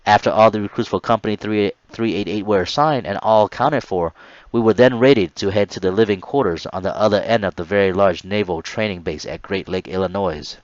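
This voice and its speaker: A man's voice: lowish voice, fairly quick, darkish tone, dry recording, muffled recording. A man in his late thirties reading his own memoir chapter aloud, earnest, with small stumbles and restarts.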